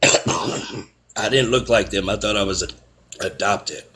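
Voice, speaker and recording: A man with a somewhat low voice tells his childhood story in a relaxed chat. He talks freely and animatedly, slipping into other people's words as he goes. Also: takes it slowly, slight background noise. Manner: animated, acts out quotes with raised pitch.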